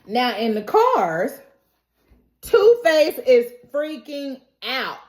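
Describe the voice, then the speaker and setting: A woman giving a casual, animated recap and reaction, laughing often and acting out the characters' quotes. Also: sits high, very slow. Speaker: TV recap vlogger. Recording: roomy echo.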